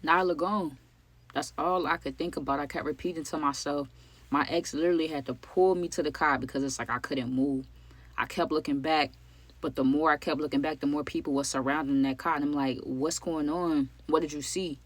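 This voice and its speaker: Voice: medium pitch, steady tone, a little fast, a bit bright, dry recording. A vlogger telling a true story in casual narration, full of "like" and "you know what I'm saying," talking straight to the viewers. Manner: talks straight to viewers as "y'all".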